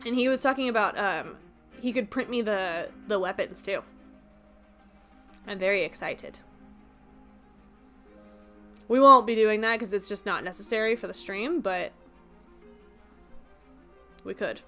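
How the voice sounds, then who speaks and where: A woman's voice: mid-range voice, lively intonation, sharp tone, faint music behind. A young woman streaming a game, chatting casually and laughing as she riffs on her viewers' jokes. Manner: chatty, giggly, quick to riff on jokes.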